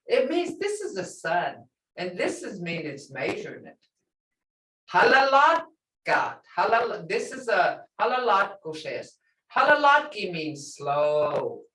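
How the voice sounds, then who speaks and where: An older woman teaching a language class in a relaxed, chatty way, repeating phrases slowly and laughing often. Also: medium pitch. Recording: echoey room, mic set far off.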